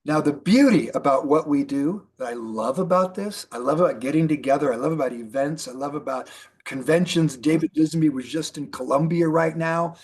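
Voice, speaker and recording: A man's voice: a little high, normal speed, a little mellow, slightly rough. A man presenting a motivational training talk, telling stories and asking rhetorical questions. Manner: storytelling, rhetorical questions, repeats lists. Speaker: mentor presenter.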